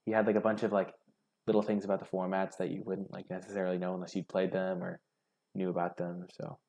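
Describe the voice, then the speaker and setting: A man's voice: low-pitched, monotone, fast, darkish tone. A young man giving casual, chatty commentary over a card game, thinking aloud and criticizing his own plays. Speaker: gaming streamer.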